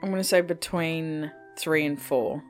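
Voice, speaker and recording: A woman's voice: deep voice, steady tone, measured pace, faint music behind. A woman co-hosting a casual podcast, answering quiz questions with short, unsure replies and frequent laughs. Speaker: podcast co-host and quiz contestant.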